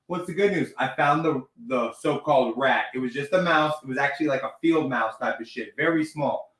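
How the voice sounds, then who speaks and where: A man's voice: medium pitch, a little fast, fairly bright tone, recorded from a distance. A man hosting a casual wrestling podcast, telling rambling, profane stories about his week. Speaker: podcast host. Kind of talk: casual chat. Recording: roomy, from off the mic.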